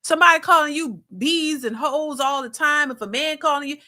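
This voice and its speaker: A middle-aged woman from New Orleans, USA hosts a reaction channel, casually commenting as she reads out her viewers' live chat. She rambles loosely with lots of fillers and restarts, in a bright, slightly high voice at a slightly fast pace.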